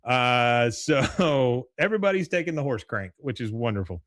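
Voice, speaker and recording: A man's voice: mid-range voice, lively intonation, normal speed, a bit bright, no room sound, clean studio sound. Man recapping a cartoon episode. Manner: retells scenes, quoting lines with laughs. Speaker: podcast co-host. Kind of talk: casual episode recap chat.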